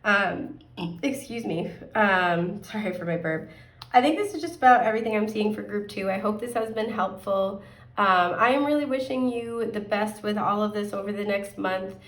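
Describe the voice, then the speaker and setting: A woman giving a casual tarot card reading, chatty and upbeat, her voice a bit hoarse and often clearing her throat. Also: mid-range voice, moderate pace, reverberant, distant mic. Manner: chatty, upbeat, rambling with fillers.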